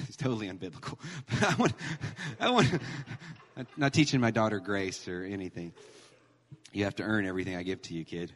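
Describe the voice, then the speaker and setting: A man in his thirties preaching a sermon as pastor, animated and emphatic, mixing humor with scripture. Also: lowish voice, normal speed. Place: church sanctuary. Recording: long hall reverb.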